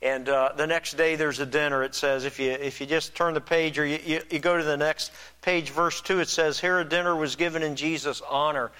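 An earnest male pastor delivers a sermon with a slightly higher-than-usual voice. He muses aloud and often restarts his words. He swells louder whenever he wants to stress a point. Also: fairly even intonation, fairly quick, smooth, rough recording.

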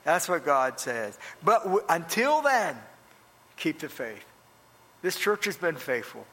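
An older man preaching in a church, with a high, bright voice that carries a long reverb. He tells his story in a folksy, lively way and repeats his phrases for effect. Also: slow pace. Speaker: pastor. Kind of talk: storytelling sermon.

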